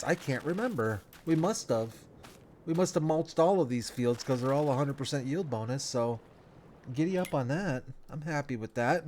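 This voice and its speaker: A man, sounding stuffed up, giving relaxed, rambling commentary over a game as a let's play host, talking half to himself with folksy phrases. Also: a little high, moderate pace, a little hiss or hum. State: stuffed up nose. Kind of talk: casual gameplay commentary.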